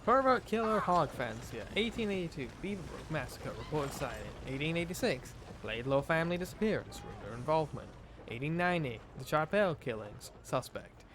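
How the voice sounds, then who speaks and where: A man's voice: a little high, lively intonation, fairly quick. A man streaming a game live, reading its text aloud in a put-on accent and talking through what he sees. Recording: background noise over game audio.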